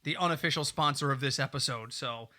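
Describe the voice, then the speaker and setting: Bright-voiced man chatting on a podcast. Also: medium pitch. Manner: chatty, storytelling, quick asides. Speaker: podcast co-host. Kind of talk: casual podcast chat. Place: home podcast studio, indoors. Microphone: desk mic.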